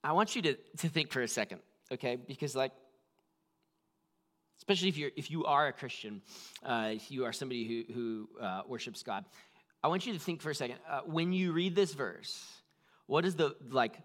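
A man's voice: a little high, sing-song, normal speed, a bit bright. A man preaching a conversational sermon, full of "like" fillers and shifting emphasis. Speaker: pastor.

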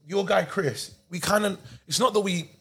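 A man's voice: sits high, crowd noise. A young man hosting a casual comedy podcast chat, teasing and playful with his guests. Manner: teasing, playful, quick to laugh. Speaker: podcast host.

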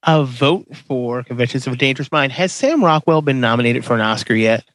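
A man hosting a casual movie podcast, excitable and profane, tripping over his words as he calls the votes. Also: mid-range voice, a little fast, dry recording. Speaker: podcast host running a movie bracket. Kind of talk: casual chat.

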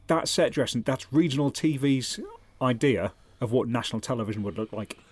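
A man's voice: medium pitch, a little fast, darkish tone. A man co-hosting a casual comedy chat, making dry, sardonic and sweary remarks. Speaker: podcast co-host.

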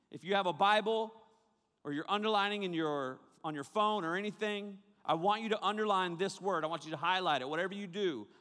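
A man preaching to a young crowd as a youth pastor, joking and animated, talking straight to his listeners. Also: sits high, long reverb tail. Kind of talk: sermon.

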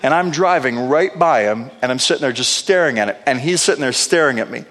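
A male pastor telling a story in a sermon, animated, with playful asides. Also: medium pitch, fairly quick. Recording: long reverb of a large hall.

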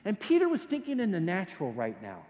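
A male pastor preaching a sermon in a casual, animated storytelling way, with slangy asides. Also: high-pitched, quick pace, lo-fi sound. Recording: long hall reverb.

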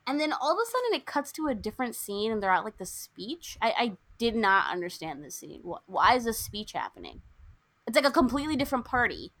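Bright, chatty woman who retells a story and plays out its dialogue; casual podcast co-host. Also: a little high, sing-song, fairly quick. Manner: chatty storyteller, acts out the characters' lines. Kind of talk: casual chat recapping a film.

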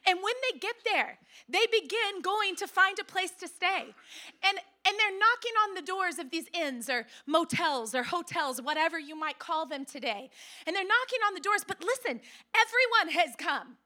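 Bright, high-voiced woman pastor preaching. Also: moderate pace. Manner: animated storytelling with playful asides. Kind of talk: sermon.

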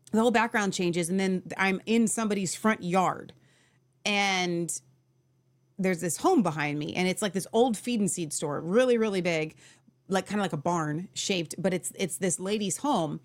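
A woman hosting a show, telling a story in a casual, earnest, conversational way and correcting herself as she goes. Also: on the low side. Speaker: show host.

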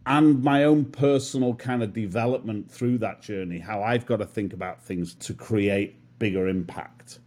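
A man's voice: on the low side, moderate pace, hardly any pauses, a little mellow. A man in his fifties, a guest in an interview, musing in a self-deprecating way as he talks through his lessons. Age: 50s. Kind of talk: reflective interview conversation.

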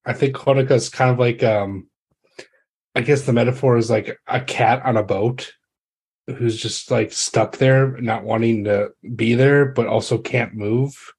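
A man's voice: mid-range voice, steady tone, measured pace, darkish tone, husky. A man at a tabletop game describing his character with many fillers. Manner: rambling, filler-laden descriptions.

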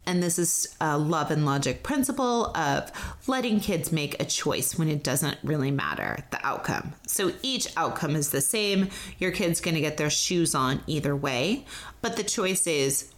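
A woman hosting a parenting podcast, talking in a casual, upbeat way and sometimes slowing down or going soft for emphasis. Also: low-pitched, very animated. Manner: upbeat, chatty, slows down for emphasis. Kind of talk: casual solo podcast talk.

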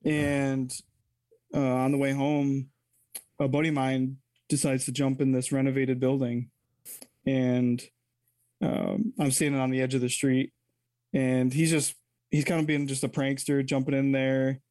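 A man's voice: mid-range voice, level tone, a little slow, darkish tone, dry recording. A man telling a personal story as an interview guest, candid and rambling, often correcting himself mid-sentence.

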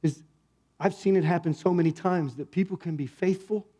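Male pastor, fairly high voice, animated conversational sermon, keeps questioning the congregation. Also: moderate pace, husky. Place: church, speaking to a congregation.

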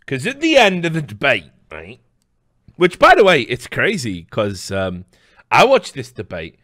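A man's voice: mid-range voice, wildly swooping pitch, a little slow, fairly bright tone, no room sound, studio quality. Rambling, profane man streamer. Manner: rambling, profane, laughing asides. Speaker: live stream host. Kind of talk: casual reaction commentary.

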